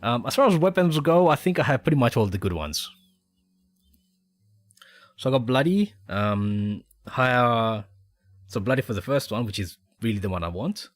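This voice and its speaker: A man's voice: medium pitch, lively intonation, normal speed, long pauses, no room sound. A man streaming a game, chatting casually with a mixed Spanish and Australian accent, a native Spanish speaker who rambles and chuckles often. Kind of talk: casual live-stream chat. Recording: faint game music behind.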